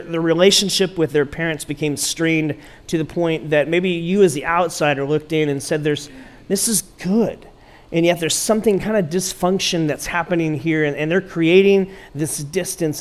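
A middle-aged man preaching a sermon as pastor, telling stories playfully and acting out quotes. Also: fairly high pitch. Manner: animated, playful storytelling with acted quotes.

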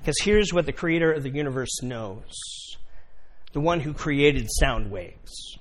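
A man preaching a sermon, telling the story in a lively way and acting out the characters. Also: medium pitch, measured pace. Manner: animated storytelling, acts out characters. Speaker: pastor.

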